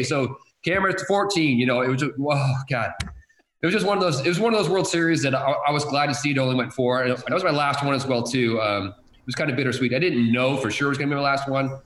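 A man's voice: medium pitch, steady tone, fast talker, a bit bright, reverberant, a little hiss or hum, rough recording. A man telling stories from his career in sports television, rambling with many repeated words and fillers. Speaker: guest, sports TV director. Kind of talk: casual chat.

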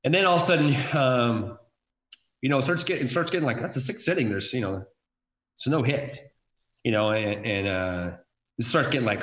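Halting, reflective man in a roomy space. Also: medium pitch, a bit bright. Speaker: TV sports director. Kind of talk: casual storytelling. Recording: roomy echo.

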